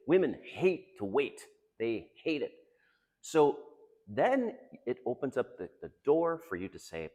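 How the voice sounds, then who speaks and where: A man's voice: medium pitch, huge pitch swings, unhurried, a little mellow, big-room sound. A man giving casual dating advice in a chatty, confiding way, laughing often. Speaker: dating coach.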